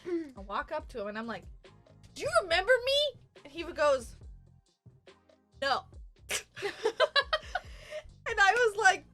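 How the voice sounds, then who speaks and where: Bright high-voiced young woman telling a story. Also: takes it slowly, pauses often, faint music behind. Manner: animated, laughs often, acts out quotes loudly. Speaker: podcast co-host. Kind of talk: casual storytelling chat.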